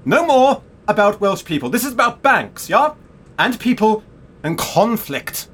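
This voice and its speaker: An actor playing a pretentious avant-garde theatre director who speaks in clipped pronouncements, often tagged with a questioning "yeah?". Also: male voice, high-pitched, very animated, measured pace, a bit bright, husky, exaggerated voice. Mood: terse directing. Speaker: self-styled theatre director. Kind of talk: sitcom acting.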